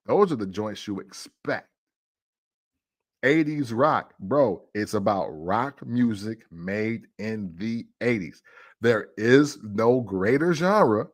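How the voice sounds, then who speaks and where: A man hosting a casual music talk show, arguing playfully and laughing often. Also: medium pitch.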